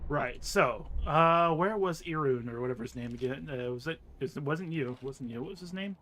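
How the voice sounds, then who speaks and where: Bright-voiced man narrating his gameplay. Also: fairly high pitch, normal speed, a little hiss or hum. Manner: rambling, offhand. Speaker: game streamer. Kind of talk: casual gameplay commentary.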